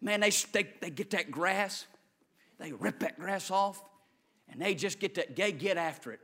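A male preacher giving a sermon, swinging between loud shouted lines and quiet low asides. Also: moderate pace. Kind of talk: energetic sermon.

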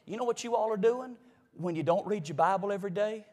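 A man delivers a sermon in a fairly high voice. He climbs to loud, high peaks and then sinks to low, intense murmurs. He calls out to the congregation and asks them to answer back. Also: quick pace. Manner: call-and-response with the congregation. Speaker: preacher.

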